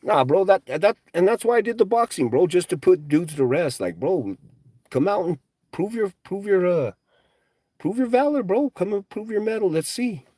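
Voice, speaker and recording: A man's voice: high-pitched, sing-song, moderate pace, warm tone, no room sound. A man hosting a casual livestream, ranting with profane, mocking trash talk while driving. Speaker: livestream host. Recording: street and car noise behind.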